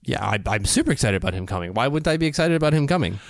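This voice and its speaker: A man's voice: medium pitch, big pitch swings, racing, creaky, no echo, clean studio sound. A man co-hosting a podcast in casual chat, chatty and storytelling. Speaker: podcast co-host.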